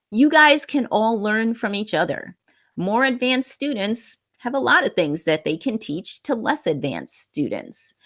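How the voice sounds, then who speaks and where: Woman English tutor, live online class, unhurried and animated, patient and encouraging. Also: mid-range voice. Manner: patient, encouraging, corrects gently. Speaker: English teacher. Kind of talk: live online class, reading student sentences.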